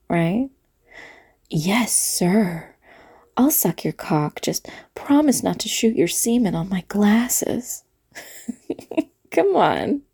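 A woman playing a husky, teasing diner waitress. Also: on the high side, dark tone, full character voice. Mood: coaxing. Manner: teasing, drawn-out, breathy asides. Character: flirty late-night diner waitress, teasing, playful. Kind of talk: audio role-play monologue.

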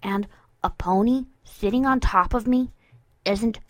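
A woman's voice: fairly high pitch, measured pace, dry recording, lightly acted. A woman voicing a clumsy, good-natured young male pony with a sheepish, earnest manner in a storybook reading.

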